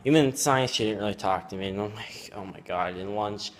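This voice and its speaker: A teenage boy telling a personal story at home, rambling and halting with many fillers. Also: lowish voice, slight background noise. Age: teens. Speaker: student vlogger. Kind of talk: casual storytelling.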